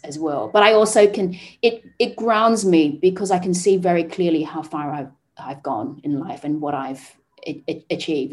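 This woman has a deep, slightly mellow voice. She is of Vietnamese heritage and was raised in the West, and as a podcast guest in a conversational interview she speaks earnestly and reflectively, with frequent fillers and restarts.

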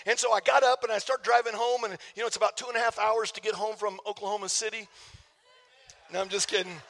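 Pastor guy preaching, really high bright voice, bit gravelly, big church reverb. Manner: animated storytelling with jokes to the congregation. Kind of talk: sermon. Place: church sanctuary. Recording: long hall reverb.

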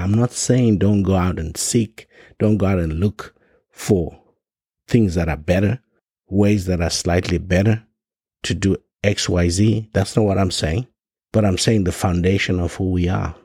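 A man's voice: low voice, a little mellow, breathy edge, no room sound, clean studio sound. A man from Africa giving an impassioned monologue, firing off rhetorical questions and stumbling over frequent restarts. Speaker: podcast host.

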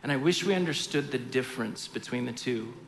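A middle-aged man, preaching a sermon as pastor, swinging from hushed lines to loud emphatic ones. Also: medium pitch, brisk, a little hiss or hum. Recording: long hall reverb.

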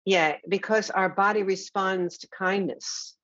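A woman hosting a conversation, talking warmly and reassuringly about her teaching. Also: mid-range voice, fairly even intonation, unhurried, no echo. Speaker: host and teacher. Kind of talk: conversational interview. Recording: dull lo-fi dry sound.

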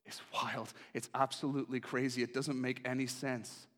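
A man preaching a sermon passionately, moving between hushed confession and excited storytelling. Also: mid-range voice, moderate pace. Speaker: pastor.

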